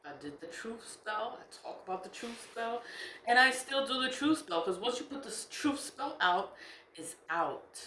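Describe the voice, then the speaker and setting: A woman's voice: a little high, animated, moderate pace, pushed and bright. A woman talking casually to camera. She rambles and repeats herself, swears, and keeps breaking into giggling laughter. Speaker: self-styled witch vlogger. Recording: echoey room with faint background noise.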